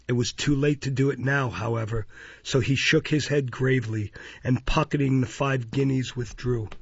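A male narrator reading a classic novel aloud in a measured, even way. His voice is gravelly and husky, recorded dry and close, with a dull, lo-fi sound. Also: mid-range voice, no echo. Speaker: audiobook narrator. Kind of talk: scripted narration.

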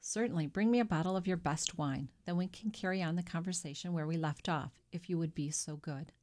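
A woman reading an audiobook and voicing a calm, probing male priest with a heavy Italian accent. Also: lowish voice, a little fast, lightly acted.

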